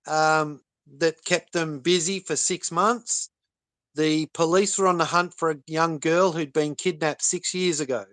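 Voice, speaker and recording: A man talking on a livestream in an earnest, halting way, with many pauses and fillers. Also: fairly high pitch, fairly bright tone, clear, resonant tone, no room sound. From Australia. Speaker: livestream guest. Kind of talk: casual livestream talk.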